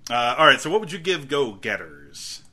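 A man with a very bright, forceful voice, chatting casually as a podcast co-host. He rambles and pokes fun at himself, often restarting sentences mid-thought. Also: medium pitch, very animated, moderate pace, husky. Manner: rambling, self-mocking, many restarts. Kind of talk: casual TV recap chat.

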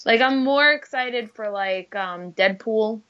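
A woman's voice: a little high, takes it slowly, pushed and bright, lo-fi sound. A woman co-hosting a casual chat about movie trailers, hesitant and full of fillers. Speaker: co-host reacting to movie trailers.

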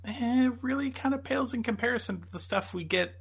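A man's voice: very high-pitched, fast, creaky, a bit bright, slightly rough. A man co-hosting a podcast, chatting casually and rambling with lots of fillers and restarts. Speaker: podcast co-host. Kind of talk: casual chat.

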